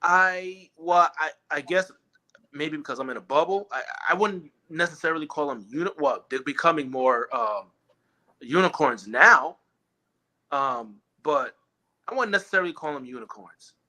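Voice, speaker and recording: A man's voice: a little high, lively intonation, moderate pace, pushed and bright. A man talking in a casual, opinionated chat, emphatic and rambling, often restarting his sentences.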